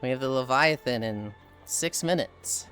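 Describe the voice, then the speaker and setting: Playing a fishing game, a livestreamer keeps up profane, chatty commentary punctuated by frequent sighs. The medium-pitched voice moves a little slowly and sounds a bit bright against soft background music.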